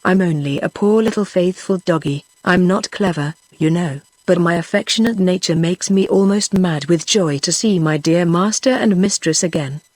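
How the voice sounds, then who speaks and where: A small female dog full of fond, gushing chatter in a storybook, read by a synthetic woman voice. The delivery is flat and steady, close to the ear and dry. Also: lowish voice, moderate pace, hardly any pauses, no echo, lightly acted. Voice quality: even synthetic voice.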